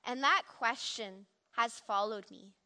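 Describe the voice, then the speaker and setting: A woman's voice: fairly high pitch, slow, bright, forceful tone. A young woman giving an earnest, reflective personal testimony in the style of a sermon. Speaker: speaker giving a devotional.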